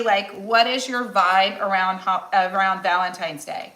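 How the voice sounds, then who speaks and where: A woman's voice: medium pitch, measured pace, hardly any pauses, sharp tone, echoey room. A woman in her forties, a nutritionist and weight loss coach, chatting casually and encouragingly on a cooking livestream with many restarts. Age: 40s.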